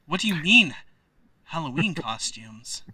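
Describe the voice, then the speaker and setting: A prissy, self-important anime fanatic in a kimono, put on by a man, theatrical and quick to get flustered. The voice sits fairly high and bright, with a dry close sound. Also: very animated, slightly rough, dry recording, exaggerated voice. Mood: indignant.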